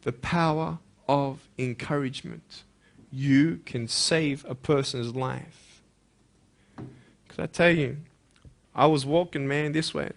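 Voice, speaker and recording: A man giving an impassioned motivational speech to a school audience, moving from quiet intensity to emphatic shouting. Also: mid-range voice, steady tone, slow pace, gravelly, pauses often. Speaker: motivational speaker.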